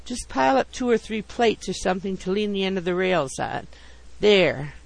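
Man reading as a chatty dad gone boyish over toys, high voice, gravelly edge. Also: animated, normal speed, rough recording. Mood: eager. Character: cheerful middle-aged man, boyish over toy trains.

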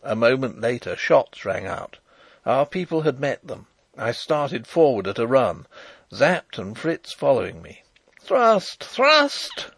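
A man narrating a novel chapter aloud in a measured, expressive reading. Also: medium pitch, vocal fry, slightly rough, dry recording. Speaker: audiobook narrator.

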